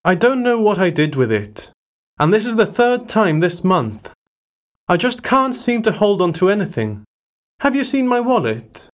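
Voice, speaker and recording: A man performing scripted everyday dialogue for a listening exercise, with clear, plainly acted delivery. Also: high-pitched, sing-song, normal speed.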